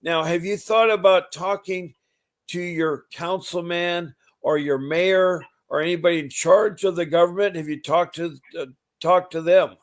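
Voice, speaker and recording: A man's voice: high-pitched, steady tone, unhurried. A man hosting a call-in advice show, asking folksy questions and steering the conversation. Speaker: talk show host.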